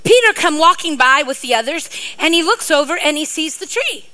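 A woman's voice: high-pitched, expressive, fairly quick, bright, forceful tone, poor audio. A middle-aged woman preacher giving a sermon, playful and joking, with rambling asides to her congregation.

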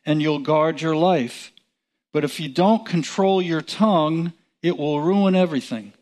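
Man, Bible teacher; unhurried, chatty delivery, raised pitch. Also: a little mellow. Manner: slow, chuckling, conversational with restarts. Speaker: preacher.

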